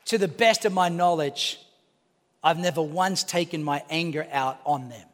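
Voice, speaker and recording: A man, preaching a lively sermon with jokes and acted-out voices. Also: on the high side, normal speed, a little hiss or hum. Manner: animated, acts out voices, jokes with the congregation. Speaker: pastor. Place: church auditorium. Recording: preaching in a reverberant hall.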